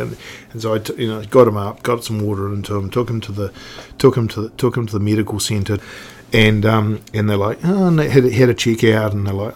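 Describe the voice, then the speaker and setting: Rambling New man, lowish voice. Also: fairly even intonation, brisk, a little mellow. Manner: rambling, many restarts and swearing. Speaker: guest. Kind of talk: casual storytelling chat.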